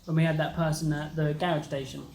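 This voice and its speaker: A woman's voice: deep voice, little pitch movement, quick pace, reverberant, a crowd in the background. A young English woman with a Southern English accent, chatting emphatically about her travels. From England. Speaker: travel vlogger. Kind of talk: casual chat.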